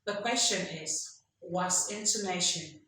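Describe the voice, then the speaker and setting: A woman's voice: fairly low pitch, takes it slowly, pushed and bright. A woman teaching an English lesson, emphatic, drilling examples aloud and quizzing her listeners. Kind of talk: classroom lesson. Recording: strong echo, faint background noise.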